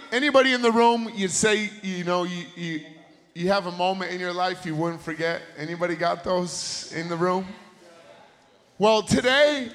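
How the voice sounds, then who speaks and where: A man preaches at a camp service, his voice pitched high and tense. He tells stories with big swings from shouting to near-hushed asides. The sound rings out with the long reverb of a large meeting hall. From United States. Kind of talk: storytelling sermon.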